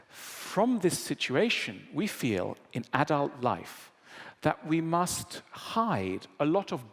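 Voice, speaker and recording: A man giving a public lecture, animated and acting out the voices he quotes. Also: medium pitch. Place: large lecture hall. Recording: long reverb of a lecture hall.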